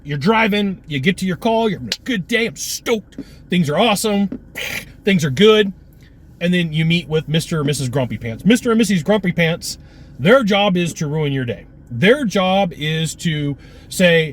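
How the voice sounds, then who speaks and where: Energetic man coaching salespeople. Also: high voice, moderate pace. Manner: energetic, punchy, repetitive phrasing. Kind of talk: motivational sales coaching talk.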